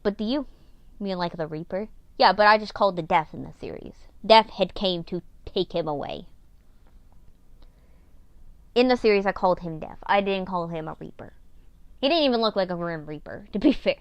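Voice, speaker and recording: A woman's voice: on the low side, expressive, moderate pace, smooth, no echo. A woman casually recapping an old story series of hers, rambling and self-mocking, with casual swearing.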